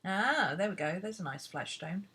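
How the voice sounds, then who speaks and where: Bright-voiced chatty British woman. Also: medium pitch, lively intonation, normal speed. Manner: chatty, rambling, talks to herself while searching. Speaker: art teacher. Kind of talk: casual painting tutorial.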